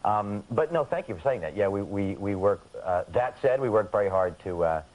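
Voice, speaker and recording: A man's voice: fairly low pitch, animated, a little fast, a little mellow. A man with a New York accent chatting as a talk show guest, playful and laughing often. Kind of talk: casual chat. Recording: noisy old TV tape.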